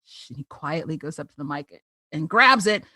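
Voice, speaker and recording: A woman's voice: low-pitched, normal speed, dry recording. A woman hosting a podcast, chatting casually and retelling a cartoon episode with lots of laughter. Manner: giggly, animated storyteller. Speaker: podcast host. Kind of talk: casual chat recapping a cartoon.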